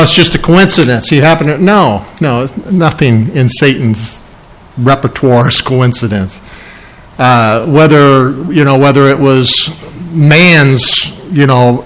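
A man preaching a sermon, emphatic and repeating key phrases, sometimes dropping to a soft hush. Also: medium pitch, low-quality recording. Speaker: pastor.

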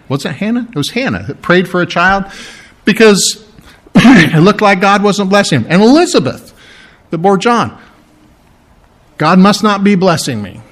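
A man delivers a sermon in a voice sitting a bit high for a man. He acts out quotes with sudden swings in loudness and pitch. He restarts his sentences often and keeps clearing his throat. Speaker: preacher.

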